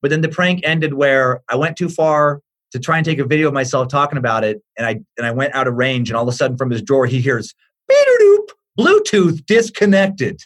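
A man in his forties, a comedian guest on a podcast, telling a story in a lively way and acting out the voices as he goes. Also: medium pitch, fast talker, hardly any pauses. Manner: lively, acts out the voices in his stories, swears freely. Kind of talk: animated storytelling in casual chat.

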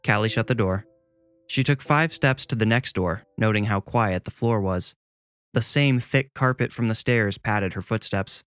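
A man reading a scripted horror story in a measured, deliberate way. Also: on the low side, a bit bright, dry recording. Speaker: narrator.

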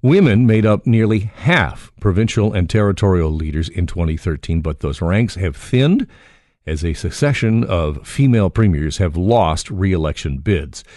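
A man hosts a radio talk show, his voice lower than most and swinging widely in pitch. He jokes and restarts his sentences, and the studio sound is dry and close. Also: moderate pace, no room sound. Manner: animated, jokey, lots of restarts.

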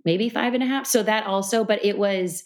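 A woman guest on a podcast, talking in a relaxed, reflective way, with lots of fillers. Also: mid-range voice, moderate pace. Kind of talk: casual interview conversation. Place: New York City.

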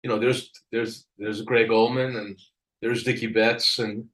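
An older man telling a story in a casual interview, animated, acting out the people he quotes and laughing often. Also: lowish voice, measured pace, low-quality recording. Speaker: album cover artist telling a story.

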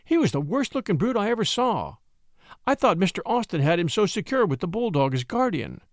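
A man voicing a quick-witted, scheming young woman in a story reading, with bright, mock-innocent chatter. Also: high-pitched, big pitch swings, no room sound, studio quality, voice pushed up. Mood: teasing. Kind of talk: audiobook character voice.

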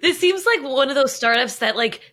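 A woman's voice: sits high, lively intonation, brisk, a bit bright. A woman co-hosting a podcast, chatting casually with a wry, teasing manner. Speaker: podcast co-host. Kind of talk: casual chat.

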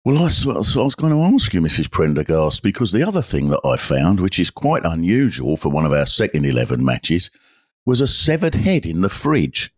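A man's voice: sits low, very animated, a little fast, dry recording, studio quality. A man improvising a nosy, fussy village cricket club member in a sing-song, inquisitive manner. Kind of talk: improvised comic role-play.

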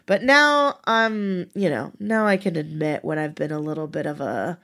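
A woman's voice: low-pitched, normal speed, fairly bright tone. Laughing, foul-mouthed podcast woman. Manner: candid, swears freely, laughs often. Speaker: podcast co-host. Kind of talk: casual podcast chat.

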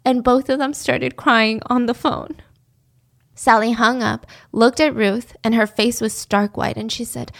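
A woman's voice: on the high side, steady tone, unhurried, vocal fry. Chatty woman telling a true crime story. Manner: conversational, with blunt opinionated asides. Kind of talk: casual storytelling narration.

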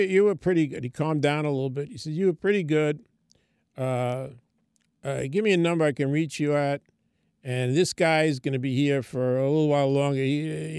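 A man's voice: a little high, clean tone, no room sound, studio quality. An older man, a comedian, telling a story in casual talk and acting out the quoted voices. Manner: animated anecdote telling, acts out quoted voices. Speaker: comedian guest.

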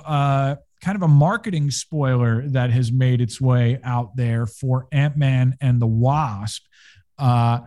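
A male podcast host who talks at a slow, easy pace. His voice is dark and mellow but sits a touch high. He wraps up the show casually and drops in plenty of fillers. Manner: unhurried, with many fillers and chuckles.

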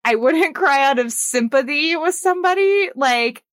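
Woman in her 30s cohosting a podcast, kinda high voice, chatty, says like a lot, dry close sound. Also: lively intonation, normal speed, no room sound. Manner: chatty, lots of "like" and laughs. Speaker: podcast co-host. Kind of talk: casual chat.

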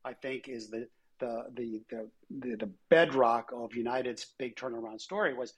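In a storytelling-style interview, a man who once ran an airline shares anecdotes and performs the lines he quotes. His voice is medium-pitched and steady, with a moderate pace.

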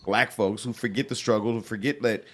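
A man's voice: fairly low pitch, steady tone, brisk. A man hosting a casual interview, putting direct, probing questions to his guest.

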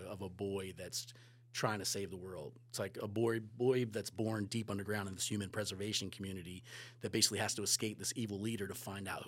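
A man, a photographer and director, telling stories in a casual podcast chat, animated and swearing freely. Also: fairly low pitch, breathy edge.

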